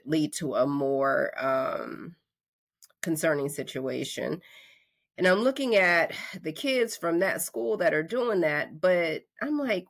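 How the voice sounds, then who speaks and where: A woman in her forties from North Carolina, hosting a podcast and telling a story in a lively, conversational way, acting out the voices in her quotes. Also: low voice. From North Carolina, USA. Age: 40s. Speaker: podcast host. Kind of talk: casual storytelling monologue.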